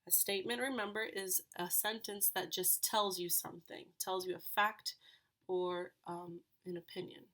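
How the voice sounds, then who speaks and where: A woman's voice: on the low side, steady tone, moderate pace, fairly bright tone. A woman teaching a recorded grammar lesson to third graders, patient and explaining step by step with questions.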